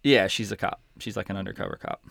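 A man's voice: on the low side, fast, vocal fry, fairly bright tone, dry recording, clean studio sound. A man hosting a podcast, chatting casually and rambling with many restarts and casual swearing. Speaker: podcast host. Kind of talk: casual chat.

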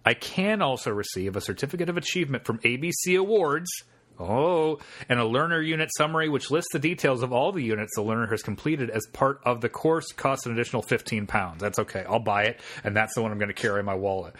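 A man co-hosting a casual podcast, reading a course listing aloud with amused, deadpan asides. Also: mid-range voice, quick pace. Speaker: podcast co-host.

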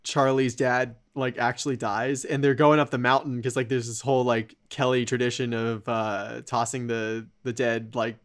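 A man's voice: mid-range voice, level tone, normal speed, few pauses. A man in casual chat, animatedly retelling scenes and acting out quotes with laughs.

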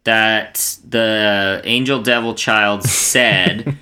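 Man, mid-pitch bright voice, casual, hesitant chatter. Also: steady tone, very slow, clean tone, soft background music. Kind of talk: casual film discussion.

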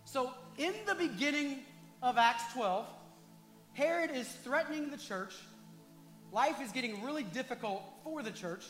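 A male pastor preaching a passionate sermon, at times rising to shouts and talking directly to the congregation. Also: extremely high pitch, animated, measured pace, echoey room, soft background music.

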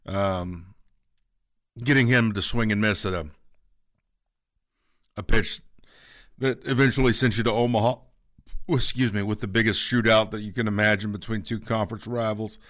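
A man, a baseball play-by-play announcer, reminiscing on a sports radio show with many fillers and pauses while he has the hiccups. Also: fairly low pitch, steady tone, fairly bright tone, dry recording, studio quality.

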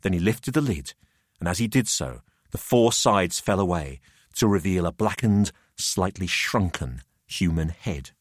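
A man's voice: sits low, expressive, no echo, studio quality. A man reading a macabre story aloud as narrator. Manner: measured storytelling. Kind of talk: audiobook narration.

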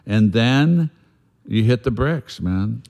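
A man's voice: mid-range voice, lively intonation, slow, vocal fry, a little mellow. A man telling a candid recovery story in conversation, blunt and swearing freely, loose and rambling, then earnest about making amends. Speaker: guest sharing a recovery story.

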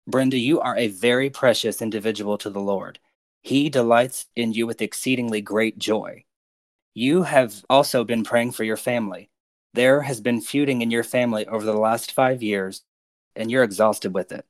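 A man on a podcast delivering prophetic words to named listeners in a slow, earnest, pastoral way. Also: medium pitch, no echo.

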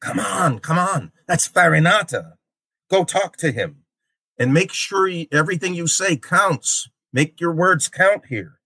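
Brief: man voicing pushy poet guide, higher, bright, urgent prodding. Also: animated, breathy edge, no room sound, exaggerated voice. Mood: urging. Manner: brisk, insistent prodding.

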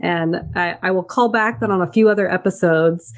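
A woman co-hosting a casual movie review podcast, animated and quick to laugh. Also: on the low side. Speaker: podcast co-host.

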